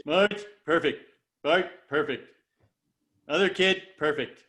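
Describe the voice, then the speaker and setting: A man voicing a dim-witted, cheerful cartoon dad in a table read, goofy and excitable. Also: a little high, takes it slowly. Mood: excited.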